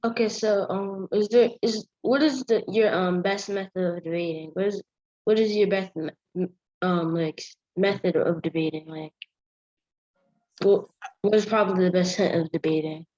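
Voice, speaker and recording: Halting student on dull lo-fi audio. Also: male voice, high-pitched, steady tone, a little mellow. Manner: halting, stumbles over words. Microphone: video call.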